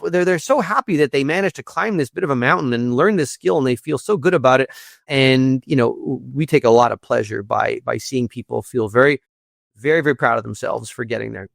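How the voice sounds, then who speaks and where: A man speaking as a guest in a conversational interview, earnest and prone to repeating words as he thinks, with a gravelly voice. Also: medium pitch, dry recording, clean studio sound. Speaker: guest, institute executive director.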